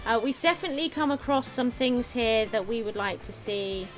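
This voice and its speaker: A woman's voice: fairly high pitch, animated, normal speed, faint music behind. Chatty woman streaming a game. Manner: chatty, giggly, talks to her viewers. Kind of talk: casual gameplay commentary.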